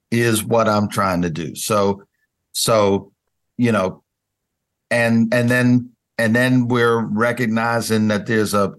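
A man's voice: fairly low pitch, fairly bright tone. A man hosting a conversational Bible study lesson, speaking unhurriedly with frequent fillers and restarts.

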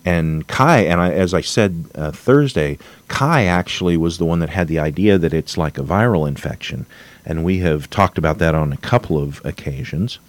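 A man's voice: low voice, moderate pace, no echo. A man hosting a solo podcast from his home office, rambling and restarting, getting wound up as he rants. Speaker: podcast host.

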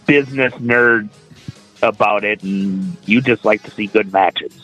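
A man's voice: lowish voice, measured pace, sharp tone, husky, soft background music, rough recording. A man chatting on a casual podcast, joking at his own expense. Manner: chatty, self-mocking humor.

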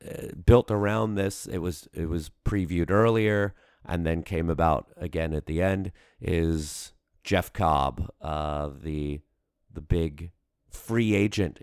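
A low, gravelly male voice, a little mellow, clear and resonant, recorded dry in a clean studio. This podcast co-host rambles through casual chat with lots of fillers and restarts.

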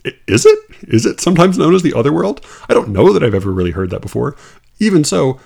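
A man's voice: a little high, very animated, fast talker, creaky, darkish tone, breathy edge. A man reading out a poetry review and mocking it in an incredulous, exasperated monologue, with laughing asides. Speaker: poetry critic.

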